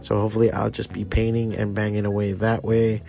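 A man's voice: on the low side, little pitch movement, brisk, vocal fry, warm tone. Rambling, foul-mouthed man hosting a podcast. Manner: rambling, profane, loose storytelling. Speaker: podcast host. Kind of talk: casual solo podcast monologue.

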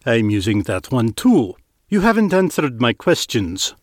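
A man reading as a gruff, commanding mechanic. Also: mid-range voice, very animated, a little slow, no echo, studio quality. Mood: gruff demanding. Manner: blunt, demanding tone.

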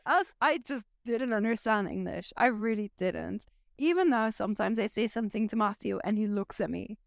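A Belgian woman, a native Flemish speaker, guests on a podcast, chatting frankly and casually with a Flemish accent and lots of "like." Her mid-range voice is creaky and at normal speed, in a dry, studio-quality recording.

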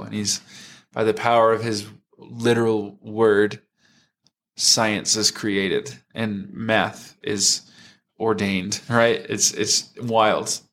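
A young man in his twenties speaks earnestly and reflectively about his faith. His voice sits a little low, and he pauses often with halting fillers as he works through his story. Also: fairly bright tone. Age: 20s. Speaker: worship leader, podcast guest. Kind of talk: personal testimony in conversation.

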